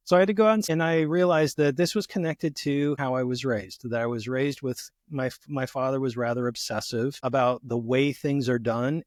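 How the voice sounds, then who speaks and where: A man of medium pitch talks through his points in a relaxed, reflective way as a podcast guest. He leans on "you know" often. The sound is dry and close, with no room echo. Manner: reflective, uses many "you know" fillers. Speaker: guest therapist. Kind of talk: conversational podcast interview.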